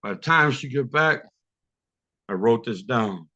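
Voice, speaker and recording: A man's voice: mid-range voice, lively intonation, unhurried, sharp tone, dull audio. A man telling a profane, vivid street story at an online open mic, heard over a video call.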